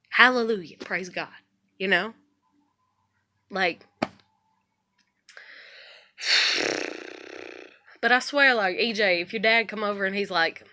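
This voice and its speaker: A woman's voice: mid-range voice, a little slow, pauses often, bright, forceful tone. A woman vlogger in a heated monologue to the camera, confrontational, swearing heavily and raising her voice as she talks.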